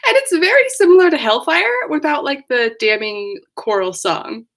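A woman's voice: high voice, animated, normal speed, a bit bright. A woman chatting casually as a podcast co-host, recapping a movie plot and laughing often.

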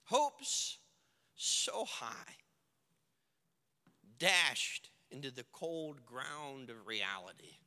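A male pastor preaching a sermon, moving between quiet storytelling and loud, shouted declarations while acting out the people in the story. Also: mid-range voice, very animated, very slow, pauses often, long reverb tail. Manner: swings from hushed storytelling to shouted preaching, acts out characters.

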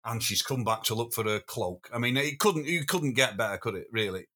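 Male podcast guest, anecdotal rambler who restarts his sentences, mid-pitched and bright. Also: expressive, brisk. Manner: rambling storyteller, self-interrupting, chuckling. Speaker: podcast guest, former drummer. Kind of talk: casual anecdotal chat.

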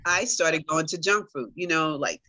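A woman's voice: deep voice, normal speed, pushed and bright, dry recording. A middle-aged woman in casual conversation, telling her own story animatedly and talking straight to her listeners. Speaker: guest sharing her story.

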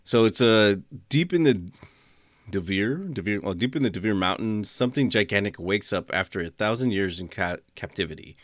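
A man's voice: fairly low pitch, expressive, moderate pace, no room sound, studio quality. A man hosting a casual chat, rambling with restarts and frequent fillers. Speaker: podcast host.

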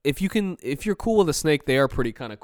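Brief: young man, mid-pitched, easygoing slang, dry close mic. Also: expressive, fast, a little mellow, no echo. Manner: easygoing, slangy, laughs often. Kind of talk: casual chat.

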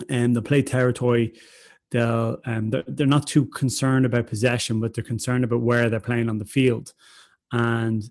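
A man talks through a rugby match slowly and thoughtfully, pausing often with fillers. His voice is mid-pitched and recorded close and dry. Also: darkish tone, no room sound. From Ireland. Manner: thoughtful, halting, many fillers. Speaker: guest analyst, former rugby player. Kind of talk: match analysis chat.

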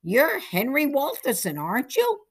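A woman's voice: sits high, wildly swooping pitch, unhurried, pitched above the performer's own voice, exaggerated voice. Woman playing stern old Missus Foley. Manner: sharp, indignant. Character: stern older lady, stiff and proper.

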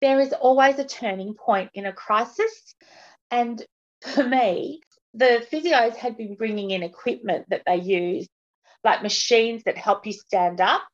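A woman's voice: on the high side, measured pace. Earnest woman on a dull lo-fi line. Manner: open, earnest, speaks frankly about hardship. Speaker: podcast guest, patient advocate. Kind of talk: candid personal interview. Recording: dull lo-fi audio.

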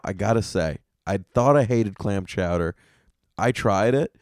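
A man hosting a comedy podcast, ranting in an animated, profane way. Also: lowish voice, a little slow, dry recording, clean studio sound. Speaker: podcast host.

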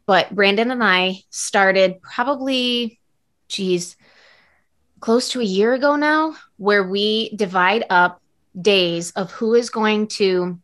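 A woman's voice: medium pitch, a bit bright. A woman co-hosting a podcast, chatting earnestly and casually with lots of fillers. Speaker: podcast co-host. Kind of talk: casual chat.

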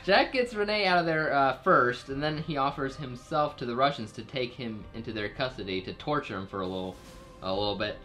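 A man's voice: medium pitch, fairly quick, pushed and bright, faint music behind. A man casually recapping a TV episode's plot for a podcast, rambling with fillers and jokey asides. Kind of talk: casual chat.

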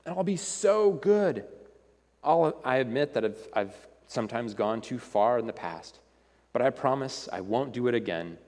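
A man's voice: mid-range voice, animated, a little mellow, in a large hall, lightly acted. A male preacher reading aloud as a sly lizard that coaxes and makes sweet promises. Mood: wheedling. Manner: wheedling, coaxing, drawn-out promises. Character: wheedling tempter lizard, sly and coaxing.

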